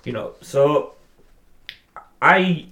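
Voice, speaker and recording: A man's voice: a little high, drawn-out words, sharp tone. Emphatic swearing podcast co-host, a man. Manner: emphatic, swears for emphasis, self-deprecating chuckles. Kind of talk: casual opinion chat.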